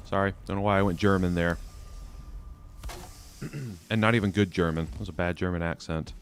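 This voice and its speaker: A man's voice: deep voice, fairly even intonation, a little fast, long pauses. A young man chatting his way through a live game stream, laughing and mocking his own mistakes.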